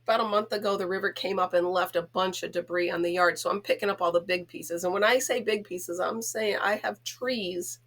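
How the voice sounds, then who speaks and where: A woman's voice: fairly low pitch, steady tone, a little fast, hardly any pauses, fairly bright tone. A middle-aged woman from the United States hosting a casual home chat vlog, talking in a chatty, giggly, self-teasing way. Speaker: host.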